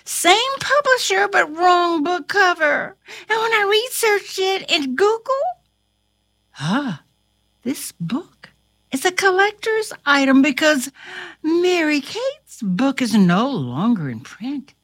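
A woman's voice: extremely high pitch, big pitch swings, slow pace, fairly bright tone, no echo, studio quality. A woman reading a storybook aloud to a listener in a dramatic, theatrical way, dropping into whispers and bursting into exclamations. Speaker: storybook reader.

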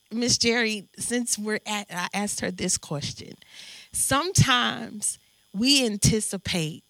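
A woman's voice: medium pitch, no room sound. Earnest woman host, dry close sound. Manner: emotional, earnest, animated storytelling. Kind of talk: storytelling in panel conversation.

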